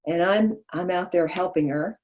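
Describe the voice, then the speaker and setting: A woman's voice: on the low side, normal speed, darkish tone, a little hiss or hum. A woman from Vermont telling a personal story in an easygoing, conversational way.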